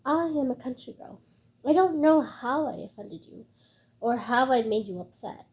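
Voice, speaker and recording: A woman reading a storybook voices a young country woman who answers back calmly and politely, with pointed words. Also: sits high, moderate pace. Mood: calm retort. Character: calm, sharp-tongued young country woman.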